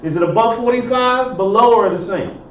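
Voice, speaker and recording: A man's voice: very high-pitched, moderate pace, a bit bright. A male professor giving a classroom lecture, quizzing students and answering his own questions. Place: lecture hall. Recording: echoey lecture hall, dull sound, faint hiss.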